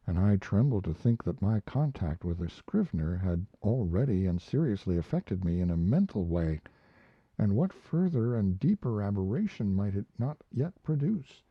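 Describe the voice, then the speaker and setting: A man reading a classic story aloud as audiobook narration, measured and expressive. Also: fairly low pitch, slightly rough, no echo. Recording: dull lo-fi recording.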